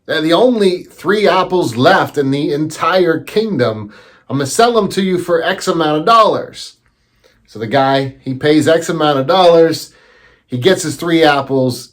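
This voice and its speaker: A man telling a teaching story as a lesson, animated and acting out the voices he quotes. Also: mid-range voice.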